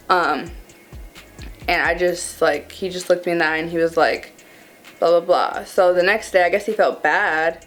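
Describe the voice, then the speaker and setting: A young woman in her twenties telling a casual storytime to her viewers, dramatic and animated, calling them y'all. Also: lowish voice, normal speed, soft background music. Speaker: vlogger.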